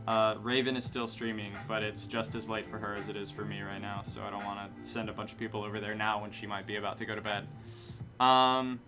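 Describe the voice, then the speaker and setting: A man chats on a live stream in a plain, matter-of-fact way. His sentences drop at the end instead of lifting, and he wanders and corrects himself as he goes. Guitar music plays clearly under his voice. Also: on the low side, level tone, brisk. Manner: matter-of-fact, falling inflections; rambling, self-correcting. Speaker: streamer and bartender. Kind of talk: casual live-stream chat. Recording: music playing behind.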